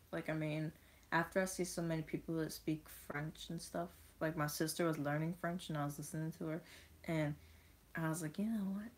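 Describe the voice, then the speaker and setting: A woman's voice: sits low, fairly even intonation, normal speed. A young woman chatting casually as she unboxes toy horses, rambling and reading bits of text aloud. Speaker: vlogger.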